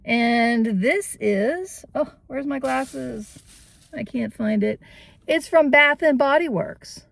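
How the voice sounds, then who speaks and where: A woman's voice: sits high, animated, slow pace, gravelly. A woman hosting a casual vintage-shopping vlog, chatty and cheerful, often laughing as she talks. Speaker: vintage vlogger.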